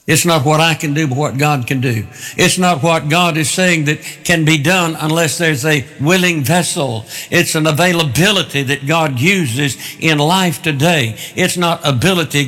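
Guy preaching a sermon, kinda high voice, hits his points hard, repeats lines for stress, big echo. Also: a bit bright. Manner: emphatic, repeating phrases for stress.

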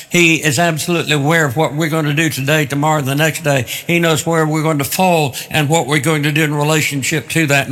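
A male pastor delivers an emphatic sermon, building his points through repetition. His voice is bright and slightly high, and a long sanctuary reverb hangs after every phrase. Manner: emphatic, repetitive preaching cadence.

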